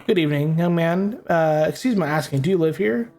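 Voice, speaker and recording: A man voicing a suspicious, grumpy old male neighbor in a game, reading his lines in a gruff, confrontational way. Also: fairly high pitch, animated, fairly quick, darkish tone, faint music behind.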